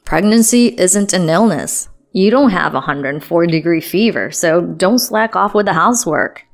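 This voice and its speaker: A woman's voice: fairly low pitch, animated, normal speed. A woman voicing a callous, stammering husband. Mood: mocking. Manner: dismissive, then nervous stammering.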